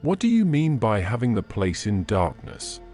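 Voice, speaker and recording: A man voicing a sullen, furious drunken father who barks at his son in gruff, bullying shouts. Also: fairly low pitch, big pitch swings, moderate pace, faint music behind. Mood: angry.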